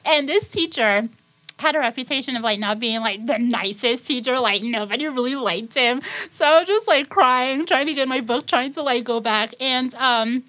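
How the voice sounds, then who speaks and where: A woman's voice: high voice, moderate pace, fairly bright tone, rough recording. A woman guest telling a personal story in a podcast interview, acting out the people in it and speaking earnestly about her faith. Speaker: guest singer. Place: recording studio.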